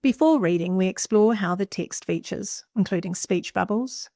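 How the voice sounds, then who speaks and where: Expressive New woman teacher, dry sound. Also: mid-range voice, normal speed, no room sound. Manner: clear, expressive, emphasizing words for young readers. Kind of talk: classroom lesson and teacher voice-over.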